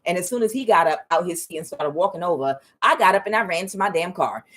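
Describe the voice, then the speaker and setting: Perempuan pembaca tarot yang blak-blakan dan kasar. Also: female voice, expressive, quick pace, fairly bright tone. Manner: frank and profane, with quoted asides in a higher voice. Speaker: tarot reader. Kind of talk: casual spiritual reading and storytelling.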